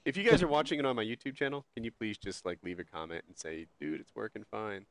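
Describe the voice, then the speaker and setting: A man's voice: medium pitch, big pitch swings, quick pace, fairly bright tone. A man hosting a streamed podcast, chatting casually and laughing easily while fixing tech problems. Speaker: podcast host.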